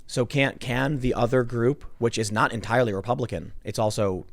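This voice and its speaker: A man hosting a podcast, talking politics in an animated, casual way. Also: mid-range voice, fairly quick, no echo. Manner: animated, puts on voices when quoting people. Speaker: podcast host. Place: studio.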